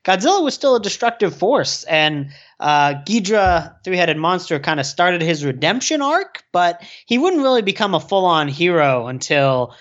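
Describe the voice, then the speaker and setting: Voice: medium pitch, very animated, moderate pace, few pauses, muffled recording. A podcast co-host chatting casually and enthusiastically about old monster films, with frequent fillers. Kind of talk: casual film discussion.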